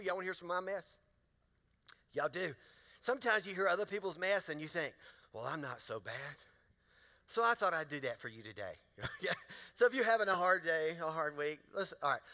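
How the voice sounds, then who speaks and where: In a big church auditorium, a man preaches in a high-pitched, bright, forceful voice. He's a pastor who spins folksy stories and addresses the crowd with questions, and the church's long hall reverb lingers on every line.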